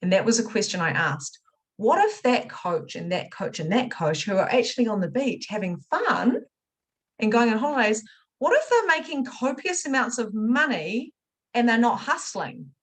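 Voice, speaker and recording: A woman teaching a spiritual money masterclass. She talks casually and swears, leaping from loud excitement to quiet, confessional asides. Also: a little high, normal speed, slightly rough, low-quality recording. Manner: casual swearing, chatty direct address. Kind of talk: motivational masterclass talk.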